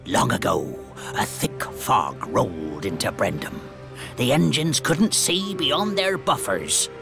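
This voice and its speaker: A man voicing an old gruff male diesel engine in a cartoon, talking in a salty seafaring dialect and spinning a spooky yarn with relish. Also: medium pitch, big pitch swings, takes it slowly, over music, exaggerated voice. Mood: storytelling. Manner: spins a spooky tale with relish.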